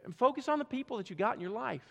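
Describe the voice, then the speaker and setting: High-voiced preaching man, hall reverb. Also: lively intonation, very fast, gravelly. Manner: emphatic preaching, swings from loud to hushed. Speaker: pastor. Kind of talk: sermon. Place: church sanctuary. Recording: long reverb of a church hall.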